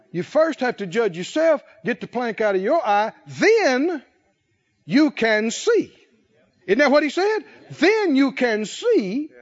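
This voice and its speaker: Male preacher, high and lively, folksy and chuckling, on a dull low-fi recording. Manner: animated, folksy, laughs often, acts out voices. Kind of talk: sermon. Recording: dull lo-fi sound.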